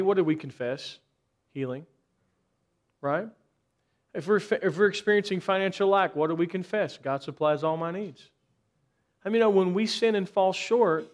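A man preaching a sermon in a church, asking the congregation rhetorical questions and building up intensity in bursts. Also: high voice. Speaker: pastor.

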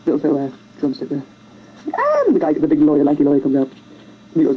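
A speaker rambling through a comic retelling of a film over their own drawings, hurried and jokey, jumping into silly squeaky voices on a home computer mic. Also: steady tone, dark tone, husky, poor audio. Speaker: amateur storyteller narrating drawings.

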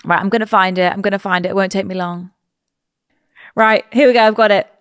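A young woman co-hosting a podcast, telling a story in casual chat and swearing when excited. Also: mid-range voice, quick pace, clean tone, no room sound, clean studio sound. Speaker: podcast co-host.

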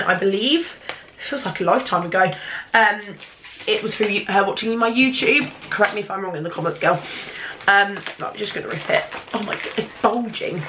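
A young British woman with a congested, stuffy voice, talking in a gushing, excitable way through a casual unboxing vlog and swearing freely. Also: medium pitch, a little hiss or hum. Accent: British English. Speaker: YouTuber.

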